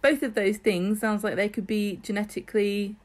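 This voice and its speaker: A woman's voice: mid-range voice, steady tone, normal speed. A woman co-hosting a podcast, chatting casually with dry jokes and pointed questions. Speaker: podcast co-host. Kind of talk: casual chat.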